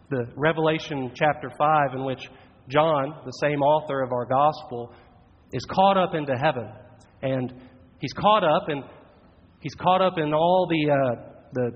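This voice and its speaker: A man preaches a sermon with earnest, measured emphasis, drawing out his key phrases. His voice is husky and sits a little high, and he speaks very slowly. The sound is dull and carries a long reverb, as in a large hall.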